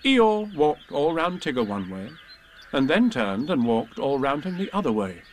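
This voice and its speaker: A man reading a children's storybook aloud, gently and expressively. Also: on the high side, sing-song, a little slow, slight background noise.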